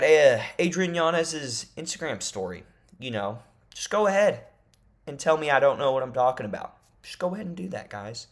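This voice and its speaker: A man talking to camera in a casual fight-prediction vlog, rambling like an animated fan and jokingly insisting his made-up leaks are real. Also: medium pitch, normal speed. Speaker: MMA YouTuber.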